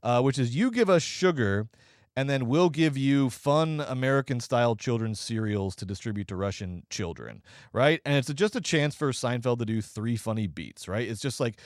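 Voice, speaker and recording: A man co-hosting a movie podcast, riffing sarcastically and quickly through a review. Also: medium pitch, dry recording, studio quality. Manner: sarcastic, animated, rapid riffing. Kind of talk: casual movie review chat.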